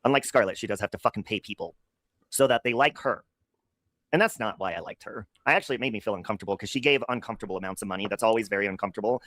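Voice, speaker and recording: A man hosting a livestream, chatting casually in an animated, gossipy and profane way. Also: lowish voice, rapid-fire, no room sound, studio quality. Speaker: livestream host.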